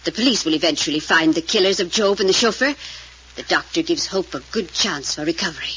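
A woman's voice: on the low side, a little fast, husky, exaggerated voice. An actress playing a proud, stern elderly grandmother who dismisses every doubt, in 1940s radio acting. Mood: imperious. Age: older. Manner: imperious, flatly dismissive. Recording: dull lo-fi old radio recording.

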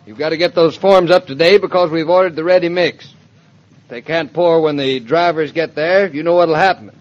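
A man doing a breezy young husband from an old radio play, tossing out puns and then dropping to a hushed, secretive murmur. His voice sits a touch high for a man. The sound is dull and lo-fi, like a worn transcription disc. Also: close to an everyday voice. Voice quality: quick, punning, playful delivery with hushed asides. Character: teasing young husband planning a secret surprise. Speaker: radio drama actor. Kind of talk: 1940s radio acting.

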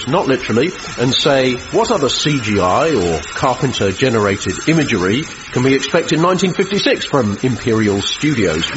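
Guy putting on a boastful 1950s studio showman, bouncy lively voice, muffled noisy old sound. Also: mid-range voice, lightly acted. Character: 1950s male film studio presenter, jaunty and boastful. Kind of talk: mock 1950s newsreel presenting.

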